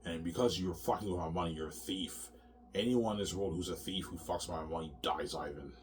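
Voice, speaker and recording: A man's voice: sits low, fairly quick, a little hiss or hum, natural voice. A man doing a cold, menacing gatekeeper. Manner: cold, threatening. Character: menacing male gatekeeper issuing threats.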